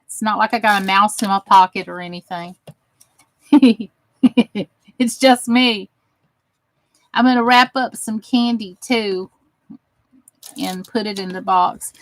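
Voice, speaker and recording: A woman's voice: medium pitch, no echo, low-quality recording. A woman with a Southern US accent, chatting casually with viewers on her craft channel while she works, using folksy phrases. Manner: chatty, warm-hearted, drawling with folksy phrases.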